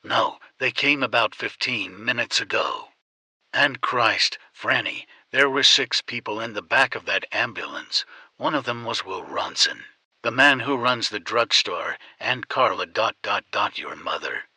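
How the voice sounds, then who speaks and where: A man playing a shaken older father who halts and nearly breaks as he tells hard news in an audiobook. The tone is low and husky, with a tense, bright edge and a close, dry sound. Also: expressive, no echo, heavily acted. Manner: halting, breaking voice. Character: shaken older father, struggling to stay calm.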